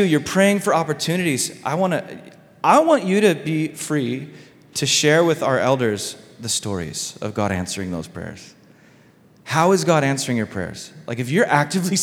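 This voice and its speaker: A man's voice: fairly high pitch, big-room sound. A man preaching a sermon as pastor, casual and conversational, full of fillers and asides. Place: church sanctuary.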